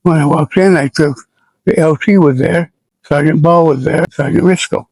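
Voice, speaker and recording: An American man in his seventies, an army veteran recalling his service in a plainspoken, halting and somber way for an interview. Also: a little high, a little mellow, dry recording, rough recording. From United States. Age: 70s. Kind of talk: oral history recollection.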